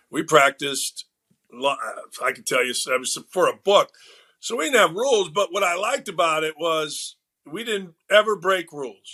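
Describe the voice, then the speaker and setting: A middle-aged man and former coach, telling lively stories in a casual interview and acting out the people he quotes. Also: fairly high pitch. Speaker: podcast guest, former basketball coach and broadcaster. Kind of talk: animated storytelling in a casual interview.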